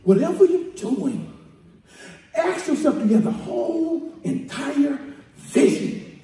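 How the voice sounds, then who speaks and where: A male pastor preaching a sermon with rhythmic repetition and call-and-response, rising to shouts at the peaks. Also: extremely high pitch, big pitch swings, slow, pauses often. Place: church sanctuary. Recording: echoey church hall, mic at a distance.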